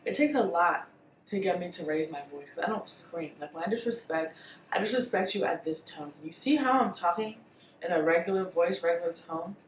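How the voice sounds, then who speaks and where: A woman vlogger telling a storytime in a blunt, profane, animated way. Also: lowish voice, a little fast, reverberant, distant mic, slight background noise, low-quality recording. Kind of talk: storytime vlog.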